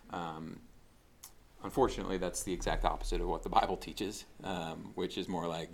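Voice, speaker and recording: A man's voice: low-pitched, steady tone, moderate pace, gravelly, slight background noise. A man preaching a casual, conversational sermon, with frequent fillers and restarts as he talks through a passage. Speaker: pastor.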